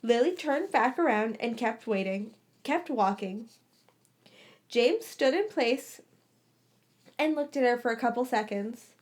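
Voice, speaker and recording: Woman narrator, high and slow, casual story reading with stumbles. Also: expressive. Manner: stumbling, rereading phrases. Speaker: story reader. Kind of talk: reading fan fiction aloud.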